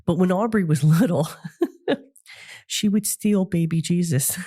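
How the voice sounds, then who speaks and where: A middle-aged woman hosting a podcast, talking casually and warmly about family memories with frequent fillers and laughs. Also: fairly low pitch, normal speed. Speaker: podcast host and psychic medium. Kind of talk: casual solo podcast talk.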